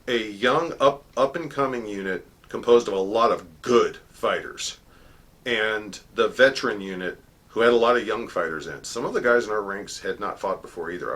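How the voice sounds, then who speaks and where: A man telling a personal story in a casual monologue, animated, acting out the dialogue with frequent filler words. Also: mid-range voice. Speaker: channel host recounting a story.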